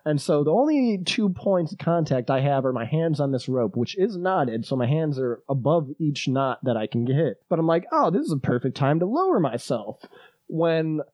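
A man's voice: on the high side, normal speed, dry recording, muffled recording. A man casually telling a long travel story, swearing often and acting out what people said. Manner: animated, swears a lot, acts out quotes.

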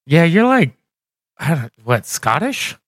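Laughing podcast host, slightly high. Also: male voice, sing-song, takes it slowly, fairly bright tone, no room sound, clean studio sound. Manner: laughs often, rambling and self-deprecating. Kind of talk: casual chat.

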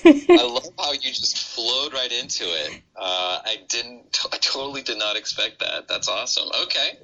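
A man's voice: mid-range voice, very animated, normal speed, gravelly, sharp tone, dull audio. A man with a Midwestern American accent, a pharmacist guest on a casual remote interview, talking in a friendly, upbeat, chatty way. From United States. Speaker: pharmacist and career coach guest.

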